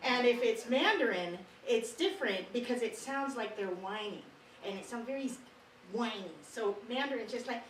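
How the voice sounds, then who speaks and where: Young woman doing a stand-up bit at an open mic, giggly, kinda high voice, far off mic in an echoey room. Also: animated, normal speed, slight background noise. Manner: chatty, giggles through her lines. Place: small performance studio. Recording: roomy, distant live mic.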